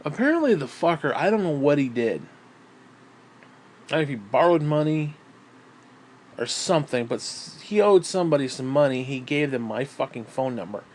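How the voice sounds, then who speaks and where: A man thinks out loud in a loose, rambling way, cursing often and circling back on himself. His voice sits a little higher than most men's, with a faint hum of noise behind it. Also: animated, moderate pace. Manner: profane, meandering, frequent fillers. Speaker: writer talking about his books. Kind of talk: casual rambling monologue.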